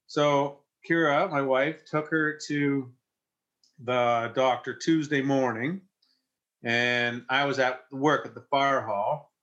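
A Canadian man in his forties, a firefighter, telling an emotional personal story in an interview in a halting way, with many restarts. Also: medium pitch, fairly even intonation, a bit bright, lo-fi sound. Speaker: firefighter and investor.

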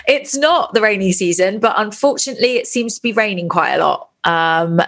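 A woman's voice: medium pitch, lively intonation, brisk, fairly bright tone. A well-spoken woman from the UK with a posh southern English accent, a guest chatting casually in an interview over a video call and laughing easily. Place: Bali, Indonesia.

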